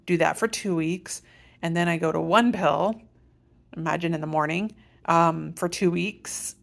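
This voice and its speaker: A woman's voice: on the low side, unhurried, vocal fry. A middle-aged woman from Iowa in a casual vlog, talking through her treatment plan in a rambling, self-correcting way. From Iowa, USA. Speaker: patient sharing a health update.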